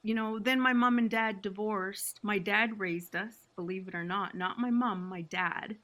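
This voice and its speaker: A woman's voice: mid-range voice, steady tone, measured pace, fairly bright tone. A woman from Six Nations, Canada, a podcast guest telling her family story in an emotional, reflective way. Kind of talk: podcast conversation.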